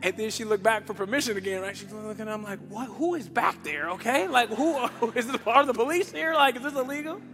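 A man preaching a sermon in a church, storytelling with big swings from loud excitement to soft, hushed moments. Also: very high-pitched, brisk, hardly any pauses, over music. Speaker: pastor.

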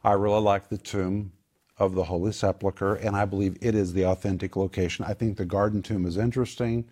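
A middle-aged man hosting a casual chat, telling stories with rising excitement. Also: on the low side, fairly quick. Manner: animated storyteller, voice rising with excitement. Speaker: host.

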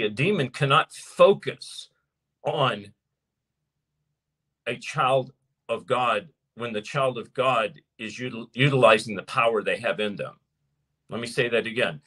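A man preaching and teaching to his viewers as host of his show, emphatic, slowing down to stress points. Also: medium pitch, husky. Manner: animated and emphatic, slows down to stress key points. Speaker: preacher hosting a live show. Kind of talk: sermon-style teaching to a live audience.

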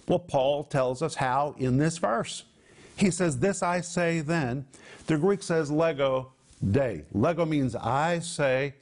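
A man hosting a televised Bible teaching, speaking emphatically and slowing down to stress key words. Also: on the high side, a little mellow. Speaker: Bible teacher and program host.

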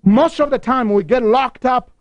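A man's voice: very high-pitched, normal speed, dry recording, lo-fi sound. A man preaching a broadcast sermon, telling stories with passion and repeating key phrases. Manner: impassioned storytelling with repeated phrases.

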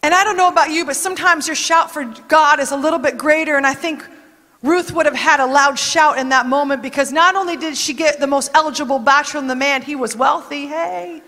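A woman preacher giving a dramatic sermon that rises to shouts. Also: high-pitched, a little fast. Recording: long reverb in a large hall.

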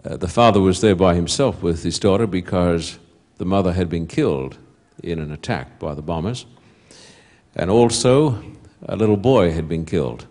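A man preaching a sermon to a congregation, telling a story slowly and deliberately, dropping to a hushed voice at quiet moments. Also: low voice.

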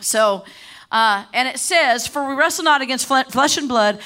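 A middle-aged woman preaching a sermon, impassioned and repeating herself often, rising to shouted declarations. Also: high voice, normal speed. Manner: repeats and restarts words often.

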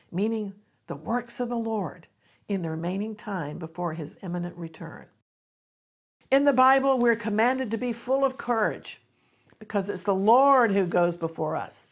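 A woman's voice: mid-range voice, gravelly. Earnest woman ministry host exhorting viewers. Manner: earnest, exhorting, with emphatic rises. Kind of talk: devotional teaching to camera.

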